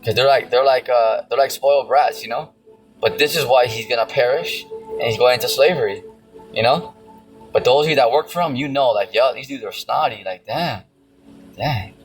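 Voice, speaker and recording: A man's voice: mid-range voice, normal speed, poor audio. Rambling preacher man over music. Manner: rambling, heavy on fillers, profane. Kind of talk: casual sermon with scripture reading. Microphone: phone screen recording.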